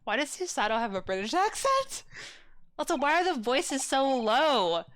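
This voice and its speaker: A woman's voice: high voice, very animated, normal speed. A woman hosting a let's play, chatting casually and reacting aloud as she plays. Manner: chatty, reacts out loud, reads lines aloud. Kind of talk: casual gameplay commentary.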